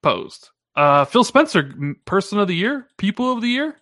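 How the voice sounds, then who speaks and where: A man co-hosting a gaming podcast, talking in a casual, teasing way and jumping up in pitch when he jokes. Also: normal speed, no echo, studio quality. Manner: animated, teasing, pitch jumps up when joking. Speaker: podcast co-host.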